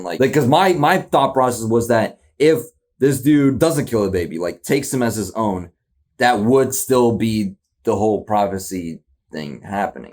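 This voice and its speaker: A man hosting a reaction video, talking casually in rambling bursts, with frequent laughs and confused exclamations. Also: lowish voice. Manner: animated, rambling, laughs often.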